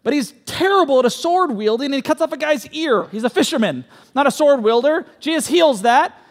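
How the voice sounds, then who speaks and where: A man preaching a sermon as a pastor, animated and conversational, acting out quoted voices with frequent restarts. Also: extremely high pitch, brisk. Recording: long hall reverb.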